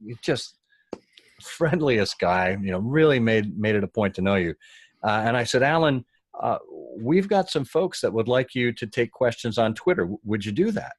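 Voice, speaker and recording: A man telling a story as a podcast guest, animated and acting out the voices of the people he quotes. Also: mid-range voice, moderate pace, no echo, studio quality. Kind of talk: conversational storytelling.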